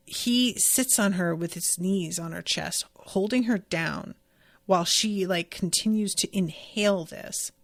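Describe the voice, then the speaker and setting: Gravelly woman recapping a book. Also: fairly low pitch, fairly bright tone, no echo, studio quality. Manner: casual, swearing, reacting emphatically. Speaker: podcast host. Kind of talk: book recap podcast, reading passages aloud.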